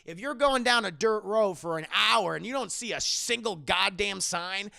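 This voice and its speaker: A man recapping a movie in a rambling, profane, animated way while talking straight to his co-host. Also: high voice, normal speed, vocal fry, no room sound, studio quality. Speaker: movie reviewer. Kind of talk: casual comedic movie recap.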